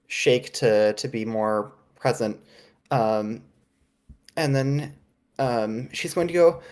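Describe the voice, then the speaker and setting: A woman's voice: extremely low pitch, a little mellow. A woman playing a tabletop game, talking hesitantly with many fillers. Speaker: player. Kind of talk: casual tabletop play.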